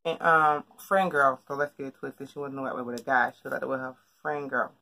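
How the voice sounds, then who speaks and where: A woman's voice: rumbling low, steady tone, a little fast, bright, forceful tone. A young woman telling a personal story in a casual, rambling vlog from her bedroom, full of fillers and restarts. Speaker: vlogger. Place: bedroom at home.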